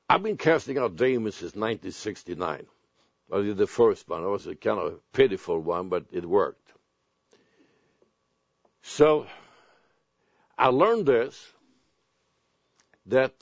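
A man preaching a sermon, telling personal stories and reading scripture slowly and deliberately. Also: medium pitch, creaky, slightly rough, no room sound. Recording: dull lo-fi sound.

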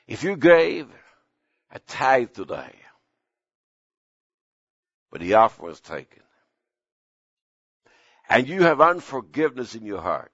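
A man's voice: sing-song, unhurried, long pauses, a bit bright, no echo. Impassioned older male preacher, lo-fi. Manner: impassioned preaching with sudden climbs in pitch. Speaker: pastor. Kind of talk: sermon.

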